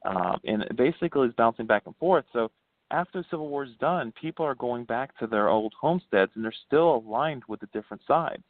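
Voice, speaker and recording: Male guest, animated storyteller; swooping delivery, dry phone-line audio. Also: brisk, no echo. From born New Hampshire, raised in Florida. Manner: animated storyteller, laughs often, swoops in pitch. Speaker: guest, paranormal investigator and ghost tour founder. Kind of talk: casual phone interview.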